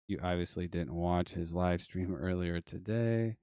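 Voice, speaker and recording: A man hosting a casual live stream, reading the chat and joking easily with callers. His voice sits very low, and the sound is dry and close with no room echo. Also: fairly even intonation, measured pace, few pauses, warm tone. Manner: laid-back, reads chat and banters with callers.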